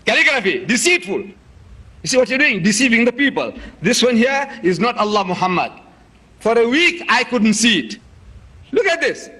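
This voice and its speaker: A man's voice: extremely high pitch, sing-song, normal speed, bright, forceful tone, breathy edge. A man lecturing an audience in an emphatic way, showing objects and repeating key words. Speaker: debate speaker.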